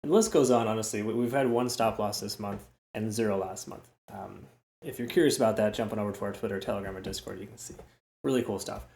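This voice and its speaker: Male trading host, low voice, casual rambling delivery, roomy echo. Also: fast talker, gravelly, darkish tone. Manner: chatty, repeats words, frequent "okay?" and "right?" asides. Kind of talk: casual chart analysis talk.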